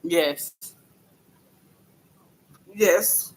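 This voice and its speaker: A man chatting on a live stream, telling a story haltingly, repeating phrases and greeting viewers by name. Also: high-pitched, rough recording. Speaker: livestreamer. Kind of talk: casual live-stream talk.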